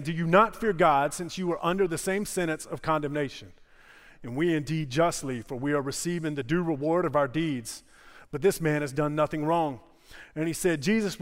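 A pastor preaching a sermon in a church, building to impassioned repeated phrases. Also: male voice, fairly high pitch, big-room sound. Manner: impassioned, repetitive preaching cadence. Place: church sanctuary.

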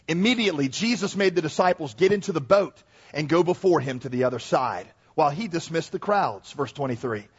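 A male pastor delivers an animated sermon, pitched fairly high with a husky edge. He reads scripture and jumps into the voices of the people in it. The recording sounds dull and lo-fi. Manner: animated preaching, acts out Bible voices.

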